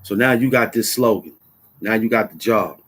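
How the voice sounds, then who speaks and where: Fairly low in pitch and fairly bright, this middle-aged man speaks at a normal speed. On his own vlog he rants casually to camera about politics, using heated street slang and repeating phrases for emphasis.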